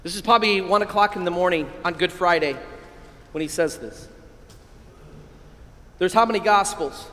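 A man who is a priest, giving an animated keynote sermon and leading his audience in call-and-response. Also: high voice, moderate pace, pauses often. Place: large hall. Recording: echoey hall.

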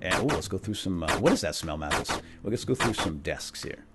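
A man's voice: deep voice, expressive, brisk, heavy background noise. A man hosting a video game let's play, casually commenting and playfully bantering with the characters. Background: game music.

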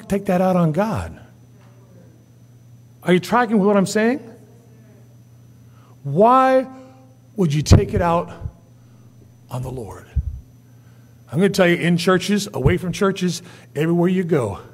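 High-pitched man preaching a sermon. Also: expressive, a little slow, pauses often, slightly rough, big-room sound. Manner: preaching with sudden rises and drops in loudness, acting out whiny quotes. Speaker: pastor. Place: church sanctuary.

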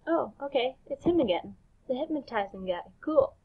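A woman's voice: sits high, animated, normal speed, breathy edge, phone-quality sound. A woman gaming YouTuber reading a game's story aloud, reacting with bewildered exclamations and laughs.

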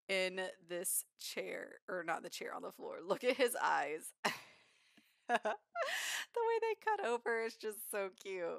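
A woman's voice: fairly low pitch, sing-song, measured pace, vocal fry, fairly bright tone, dry recording, studio quality. A woman giving chatty, giggly gameplay commentary as a gaming YouTuber.

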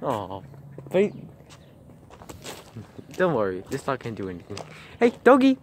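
A man's voice: on the low side, sing-song, measured pace, darkish tone, slight background noise. A man vlogging casually outdoors near a street, chatting and talking in playful baby talk to a dog. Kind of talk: casual vlog chat.

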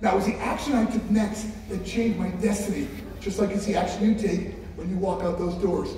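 A man's voice: high-pitched, steady tone, a little fast, mellow, slight background noise. A man giving a motivational speech to a school assembly, telling his story with emphasis and speaking straight to the audience. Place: large hall with an audience. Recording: echoey hall from far off.

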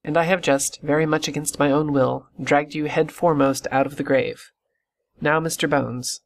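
A man reading the part of a stern, brisk country doctor who scolds with crisp authority. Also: a little high, fairly even intonation.

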